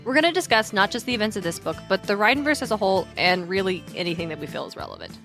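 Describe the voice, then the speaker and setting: Lively chatty woman podcast host. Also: medium pitch, very fast, soft background music. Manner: lively storyteller, chatty with many "like" fillers. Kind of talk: casual podcast chat.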